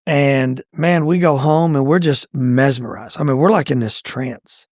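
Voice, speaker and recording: A middle-aged man telling his own faith testimony in a conversational, animated way, acting out what people said. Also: a little slow, no room sound, clean studio sound. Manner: animated, acts out quoted lines with pitch jumps. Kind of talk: conversational storytelling.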